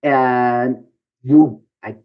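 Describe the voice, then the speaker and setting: A man's voice: medium pitch, fairly even intonation, drawn-out words. A man guest on a podcast, telling a personal story and acting out his own past lines with big swings of voice. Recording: dull lo-fi podcast audio.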